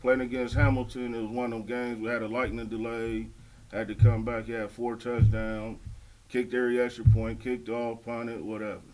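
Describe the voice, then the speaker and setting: A man's voice: medium pitch, moderate pace, poor audio. A man, a football coach, telling stories of his players in casual talk. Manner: steady storytelling, listing players. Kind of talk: casual sports chat.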